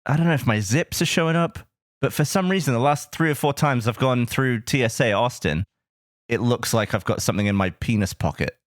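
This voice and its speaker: Lively male podcast co-host chatting. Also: mid-range voice, brisk, dry recording, studio quality. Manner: laughing, conversational storyteller. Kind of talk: casual podcast chat.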